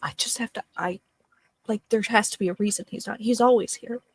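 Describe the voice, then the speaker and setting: A woman playing a tabletop game, firing off quick, eager questions in casual chat. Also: medium pitch, husky, no echo. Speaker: player.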